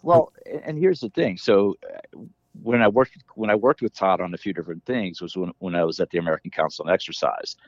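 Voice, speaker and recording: A middle-aged man with a low voice, speaking fairly quickly, is a guest in a casual interview. He rambles and restarts often while explaining his work in fitness education. The recording is muffled but has no echo.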